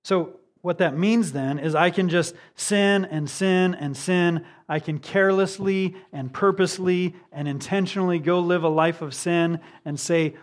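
A man preaching a sermon in an earnest manner, asking rhetorical questions and moving between emphatic and hushed delivery. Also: high voice, unhurried, hardly any pauses. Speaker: pastor.

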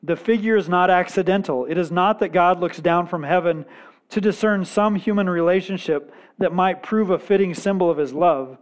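A man preaching a sermon in an earnest, measured way, with dramatic pauses and quiet emphasis. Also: high voice. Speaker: pastor.

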